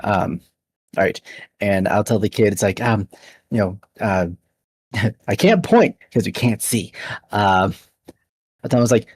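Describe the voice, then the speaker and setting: A man playing a tabletop role-playing game, chatty and laughing often, lifting his pitch when he speaks in character. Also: expressive, unhurried, pauses often, darkish tone, husky, no room sound. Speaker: player.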